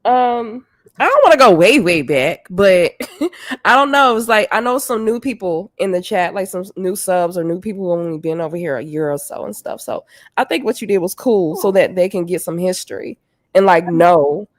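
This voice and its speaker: A woman joining a casual livestream chat as a guest, talking hesitantly with lots of pauses. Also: on the low side, lively intonation, no room sound, studio quality. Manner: hesitant, full of ums.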